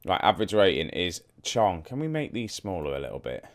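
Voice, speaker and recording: A young man with a very deep voice talks his viewers through a football management game. He rambles and thinks aloud in an easy, chatty way, asking them questions as he clicks through menus. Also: very animated, a little fast. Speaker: gaming YouTuber. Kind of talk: casual let's-play commentary.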